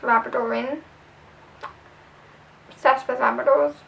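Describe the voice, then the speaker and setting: A woman's voice: high-pitched, steady tone, a little slow, vocal fry, fairly bright tone, recorded from a distance, a little hiss or hum, poor audio. A young woman with a southern English accent, chatting casually through a tag video with lots of fillers. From southern England. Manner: chatty, rambling, filler-heavy. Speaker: vlogger.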